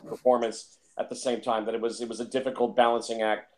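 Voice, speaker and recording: Man, casual film talk, rambling, restarts a lot, medium pitch. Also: level tone, fast talker. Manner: rambling, repeats words, many fillers. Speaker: film reviewer.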